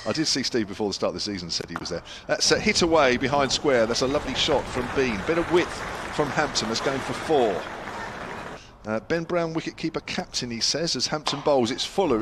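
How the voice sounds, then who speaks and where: A man commentating ball by ball on a cricket match, excitable, his voice leaping up when wickets fall. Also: mid-range voice, brisk. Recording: loud crowd and outdoor noise behind.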